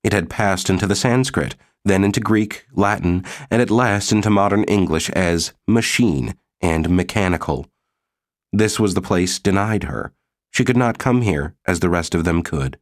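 An audiobook narrator with a deep voice reads scripted text at a moderate pace. The sound is dry, with clean studio quality.

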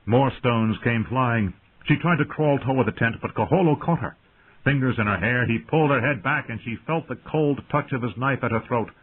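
A man reading a fantasy audiobook in a dramatic, lively narrating style over tinny phone-like audio. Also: mid-range voice, moderate pace, a little hiss or hum.

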